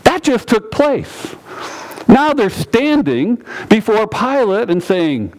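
A man's voice: sits high, takes it slowly. A man preaching a sermon, teaching through a scripture passage and repeating phrases for emphasis. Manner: animated, repeats phrases, quotes scripture in character.

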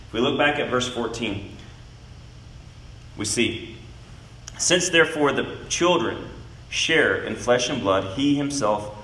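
Man teaching scripture real slow and deliberate, leans hard on key words, roomy echo. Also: mid-range voice, a bit bright, slight background noise. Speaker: Bible teacher. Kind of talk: expository Bible teaching.

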